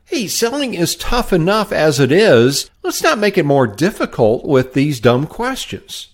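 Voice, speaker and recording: A man's voice: fairly high pitch, very animated, a little slow. A middle-aged man hosting a solo sales-training podcast, upbeat and coaching.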